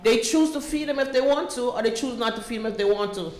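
A woman's voice: fairly high pitch, fast. A woman, a mother and volunteer, giving an emotional, pleading personal testimony to an audience. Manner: emotional, pleading, voice rising as she speaks. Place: large echoey room with an audience. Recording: roomy echo, faint room noise.

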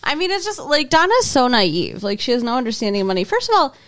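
Woman podcast cohost, high voice that jumps all over, fed up and cussing. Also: quick pace. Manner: exasperated, swears, lively commentary. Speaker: podcast co-host. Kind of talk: casual chat recapping a TV episode.

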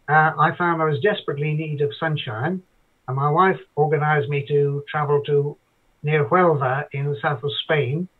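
An older man from Ireland, a guest telling rambling stories in casual chat, with hesitant restarts. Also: a little high. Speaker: guest interviewee. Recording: tinny phone-like line.

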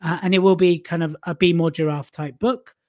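A man's voice: on the high side, steady tone, a little fast, a little mellow. A man guesting on an interview, a public speaking coach who talks chattily, mocks himself and laughs often. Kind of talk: casual interview chat.

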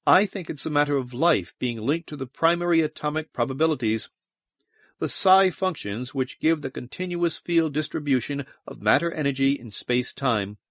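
A man's voice: a little high, moderate pace, a bit bright, dry recording, clean studio sound. Man voicing an earnest lecturing scientist. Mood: explaining. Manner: explanatory, earnest.

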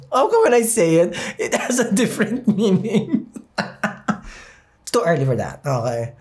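A woman's voice: mid-range voice, big pitch swings, a little slow, pauses often, darkish tone. A woman reading tarot cards in a sassy, chatty way with a non-native English accent, laughing often. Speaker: tarot reader.

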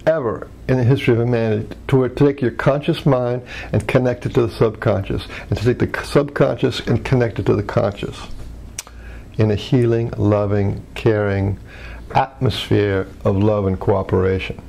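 Male workshop presenter, mellow, rambling delivery with restarts. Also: mid-range voice, gravelly, a little hiss or hum. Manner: rambling, many restarts and fillers. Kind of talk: teaching commentary.

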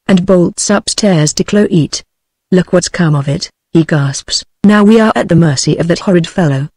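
A woman's voice: lowish voice, dark tone, husky, dry recording. Dry synthetic British woman narrator. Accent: British English. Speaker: audiobook narrator. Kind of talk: text-to-speech book reading.

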